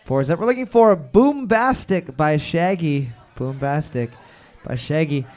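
A man hosting a trivia music round, calling out answers loudly and joking between questions. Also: on the high side, lively intonation, a little slow. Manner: loud repeated calls of "boards up", joking asides. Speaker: trivia host. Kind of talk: casual podcast banter, running a music round.

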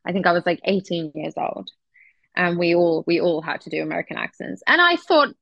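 A woman's voice: on the low side, brisk, vocal fry, no room sound, muffled recording. A young adult woman from England with an English accent, a guest actress talking casually and chattily in an interview. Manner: relaxed, chatty, with frequent restarts.

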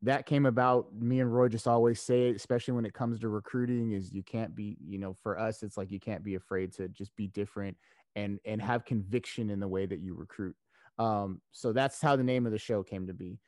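A man hosting a podcast in a relaxed, chatty way, laughing often as he tells stories. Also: on the low side, brisk, dry recording, studio quality. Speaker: podcast host. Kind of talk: casual chat.

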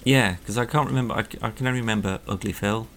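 A man. He fills every pause with "like" and restarts his sentences as he goes. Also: lowish voice, a bit bright. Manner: rambling, heavy use of "like", trailing restarts. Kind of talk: casual chat.

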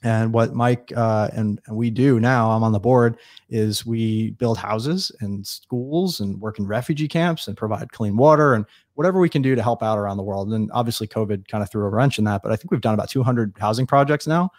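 A man from New York State, a guest in a casual interview, telling stories quickly and acting out what people said. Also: on the low side, no room sound, studio quality. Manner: fast, animated storyteller acting out dialogue.

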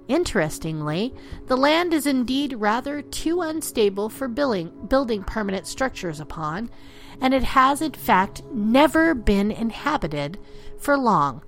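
A woman narrates eerie legends with a playful, theatrical flair and a lively, swooping pitch. She drops into mock pirate talk now and then. Faint music plays beneath her voice. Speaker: podcast host. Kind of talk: storytelling narration of dark legends.

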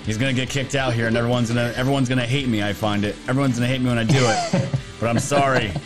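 A man's voice: medium pitch, steady tone, rapid-fire. A man hosting a casual political livestream, rambling and jokey, with plenty of filler words. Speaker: livestream host. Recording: music playing underneath.

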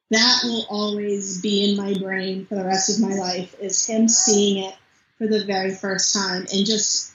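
Bright-voiced young woman telling stories. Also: mid-range voice, measured pace, echoey room, lo-fi sound, a little hiss or hum. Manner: chatty, animated storytelling with mimicked child voice. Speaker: podcast guest. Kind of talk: casual interview chat.

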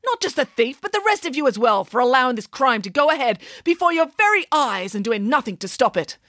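A woman voicing a pompous, ranting male vice principal who punches out his words loudly. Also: medium pitch, big pitch swings, moderate pace, no room sound, clean studio sound. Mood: blustering. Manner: loud, punchy, indignant.

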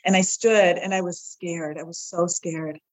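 A woman's voice: on the low side, fairly even intonation, a little slow, poor audio. A woman guest on a podcast, telling a heartfelt personal story and acting out the voices of the people in it. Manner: heartfelt, acts out the quoted voices.

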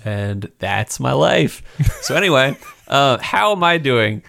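A man's voice: medium pitch, big pitch swings, slow pace, vocal fry, bright, forceful tone. A young man co-hosting a podcast, chatting in an upbeat way and laughing often as he talks. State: expecting father. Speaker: podcast co-host. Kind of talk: casual chat.

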